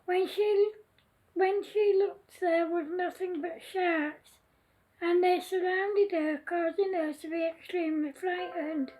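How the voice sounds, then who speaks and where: Brief: woman storyteller, very high, slow, mellow voice, gentle and earnest. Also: fairly even intonation, low-quality recording. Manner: earnest and gentle, with small restarts. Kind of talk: reading her own children's story aloud.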